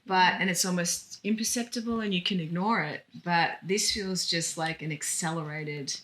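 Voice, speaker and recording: A woman chatting as a guest, thoughtful and gently encouraging, often adding soft murmurs of agreement. Her voice is a touch low in pitch with a bright, clear edge. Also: fairly even intonation, normal speed. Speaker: actress guest. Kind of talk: casual conversation.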